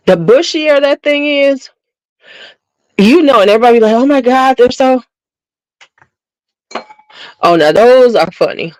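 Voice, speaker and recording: A woman's voice: fairly high pitch, animated, measured pace, pauses often, a little mellow, dry recording, low-quality recording. A middle-aged woman hosting her channel, chatting casually and bluntly with viewers in a gossiping, slangy way. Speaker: beauty channel host.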